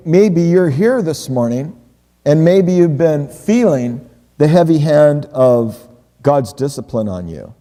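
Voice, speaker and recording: A middle-aged man preaching a sermon as pastor, earnest and reassuring, often dropping low and quiet on key words. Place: church sanctuary. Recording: long hall reverb.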